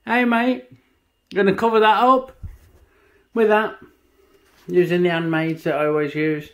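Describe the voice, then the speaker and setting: A man's voice: high-pitched, measured pace, long pauses. A man in his fifties who builds custom motorcycles and tattoos, giving casual, blunt commentary on his work in a workshop and swearing freely.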